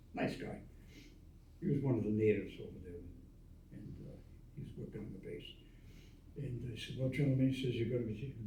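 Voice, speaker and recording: A man's voice: fairly low pitch, a little hiss or hum. Older man, veteran interviewee, casual storytelling, acts out quoted lines, echoey room, distant mic. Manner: animated yarn-spinner who acts out quoted dialogue with chuckles. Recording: roomy echo, voice from a distance of the mic.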